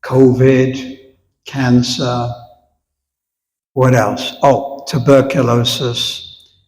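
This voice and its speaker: A man giving an unhurried devotional lecture to a congregation, talking conversationally and putting questions to his listeners. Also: mid-range voice, little pitch movement, darkish tone, long reverb tail, rough recording. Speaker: visiting spiritual teacher. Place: temple hall with long reverb.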